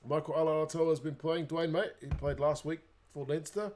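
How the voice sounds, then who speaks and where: A man's voice: on the high side, flat delivery, a little fast, a little mellow. A young adult man with a New Zealand accent, hosting a casual livestream, chatting away and reading viewer comments aloud. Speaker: livestream host.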